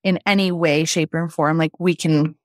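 Chatty woman podcast host, lower voice. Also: steady tone, normal speed, no echo, studio quality. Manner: chatty, lots of filler "like", encouraging. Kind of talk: casual interview talk.

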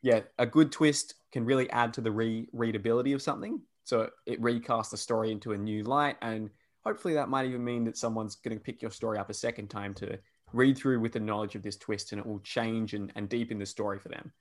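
A man with a Perth Australian accent hosting a casual podcast chat, easygoing and quick to laugh. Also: lowish voice. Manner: easygoing, laughs often, wraps up with summaries. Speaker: podcast host.

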